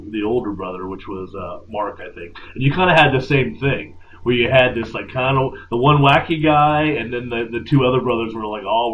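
A man co-hosts a casual podcast and rambles easily through his points with plenty of fillers. His pitch is average. A faint hum of room noise sits underneath. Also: dull audio. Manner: laid-back, rambling, laughs easily. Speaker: podcast co-host. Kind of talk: casual chat.

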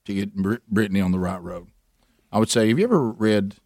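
A man's voice: on the low side, lively intonation, fast, darkish tone, dry recording, clean studio sound. A man, co-hosting a radio show in casual, jokey chat that rambles with restarts. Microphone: studio microphone.

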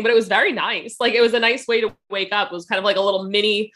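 A woman in her thirties co-hosts a casual podcast, playful and quick to joke. Her voice is bright and clear, and laughter runs through her talk. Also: mid-range voice, steady tone. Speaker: podcast co-host. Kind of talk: casual chat.

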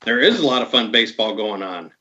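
A man guest-hosting a podcast, reading promos and introducing a guest in an upbeat, animated way. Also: on the low side, fast, muffled recording. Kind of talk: podcast reads and interview.

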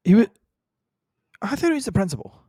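A man co-hosting a casual true-crime podcast, a former cop who jokes crudely and talks fast and loose. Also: sits high, sing-song, warm tone, slightly rough, no room sound. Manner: crude, joking, quick and loose. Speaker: podcast co-host, former police officer.

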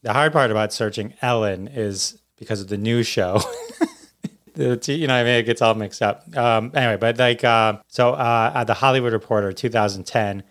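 A man hosting a casual interview, enthusiastic and quick to laugh. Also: mid-range voice, a bit bright. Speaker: podcast host.

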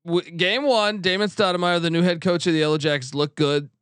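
A man's voice: high voice, fairly even intonation, a little fast, a bit bright, clean tone, no room sound. A man guesting on a sports betting podcast, making picks with confident, teasing banter. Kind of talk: casual sports betting chat.

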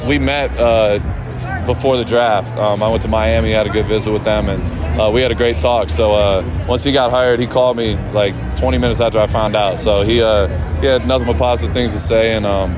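A man, a football player, answering media questions outdoors after practice in a relaxed, halting way with many fillers. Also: on the low side, music in the background.

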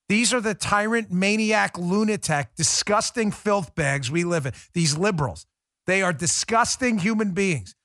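A man's voice: high-pitched, animated, normal speed, fairly bright tone, no room sound, studio quality. A man hosting a political podcast, delivering an angry, sarcastic commentary monologue with emphatic, repeated phrases. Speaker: podcast host.

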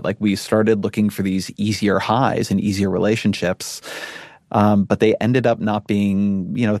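Middle-aged man, low-ish voice, reflective interview guest, dry close mic. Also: darkish tone, no echo. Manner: thoughtful, measured, frequent restarts. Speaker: podcast guest. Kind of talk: conversational interview.

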